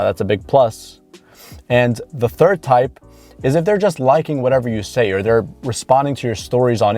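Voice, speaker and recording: A man's voice: medium pitch, mellow. A man coaching viewers on dating, talking earnestly to camera and repeating key points for emphasis. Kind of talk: instructional talk to camera.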